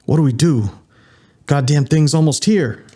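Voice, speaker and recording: A man's voice: fairly high pitch, unhurried, warm tone, voice pushed up. A man voicing a dry, sarcastic man who swears under pressure in an audiobook.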